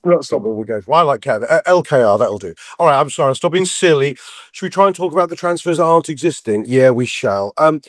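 A man's voice: on the high side, expressive, fast talker, no echo, clean studio sound. A man hosting a casual football chat, joking and rambling while he has a cold. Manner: jokey, self-deprecating, rambling. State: sick with a cold. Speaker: podcast host.

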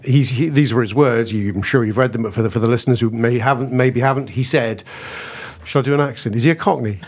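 A man hosts a casual football podcast in a chatty, self-correcting way. He laughs often between lines, in a voice of ordinary middle pitch. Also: fast talker. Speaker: podcast host.

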